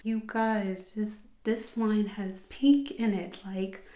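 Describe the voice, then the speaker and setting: Young woman, casual vlogger, emotional half-whisper, mid pitch, roomy echo. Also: slow, few pauses. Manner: emotional, often dropping to a hushed whisper. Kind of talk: casual vlog chat. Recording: echoey room.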